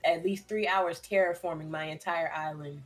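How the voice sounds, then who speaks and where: A woman's voice: low-pitched, steady tone, moderate pace. A woman co-hosting a casual podcast chat, giggly and chatty, eating while she talks. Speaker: co-host.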